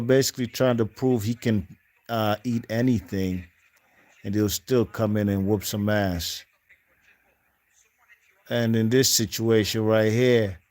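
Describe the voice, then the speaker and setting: A man's voice: on the low side, a little mellow. A man hosting a boxing channel, giving casual post-fight commentary in a rambling, slangy way with lots of fillers and restarts. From not from the UK.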